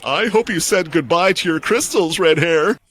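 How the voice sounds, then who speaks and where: A man's voice: a little high, moderate pace, fairly bright tone, pitched above the performer's own voice. A man voicing an arrogant young male fighter who taunts his opponent. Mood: sneering. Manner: sneering, cocky.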